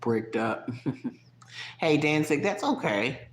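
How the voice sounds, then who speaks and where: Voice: animated, slow pace. Chatty Southern-accented host, roomy echo. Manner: chatty, laughs often, swoops up in pitch. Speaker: live-stream host reading chat. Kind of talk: casual live-stream chat.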